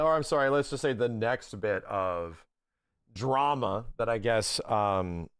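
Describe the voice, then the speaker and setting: On his livestream, a man in his thirties rants casually and swears constantly, sounding animated close to the mic. His voice is mid-range and clean, and the recording is dry.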